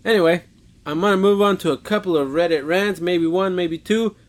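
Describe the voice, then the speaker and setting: A fairly high-pitched man hosts a podcast alone and rants with heat. He swears freely and hammers his points home by repeating them. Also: fairly quick. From United States. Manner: heated, swearing, repeating lines for emphasis. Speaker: podcast host. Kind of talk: solo profane rant.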